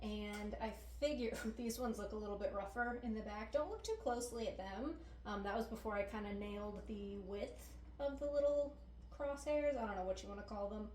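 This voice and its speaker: A woman's voice: medium pitch, a little fast, a little mellow. A woman vlogger chatting casually to camera while baking in her home kitchen, rambling and laughing often.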